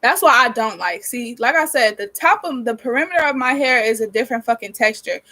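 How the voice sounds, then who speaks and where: A woman's voice: fairly high pitch, lively intonation, a little fast, bright, forceful tone, low-quality recording. A nineteen-year-old woman vlogging casually while she does her hair, venting and rambling with a lot of swearing, her nose irritated and sniffly. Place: small cold bedroom with a space heater running.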